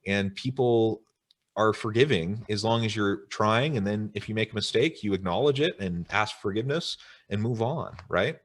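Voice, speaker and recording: Male webinar host, very deep voice, thoughtful and long-winded, on a video call. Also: moderate pace. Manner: reflective, wordy, with filler ums. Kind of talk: interview chat.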